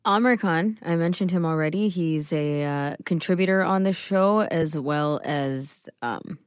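A woman co-hosting an interview podcast, relaxed as she reads out listener questions. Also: deep voice, unhurried, clean tone, dry recording, clean studio sound. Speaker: podcast co-host. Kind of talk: casual interview chat.

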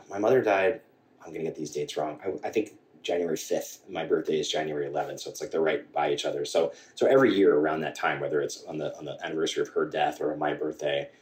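Deep-voiced man, echoey and distant. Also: darkish tone. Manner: halting, full of restarts and quoted dialogue. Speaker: podcast guest. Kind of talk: candid storytelling conversation.

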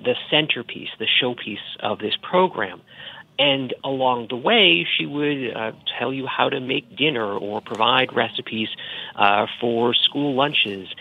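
Boston-accented male guest, gravelly tone, slightly dull recording, explaining at length. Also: medium pitch. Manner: explanatory, many "uh" fillers. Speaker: book editor guest. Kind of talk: radio interview.

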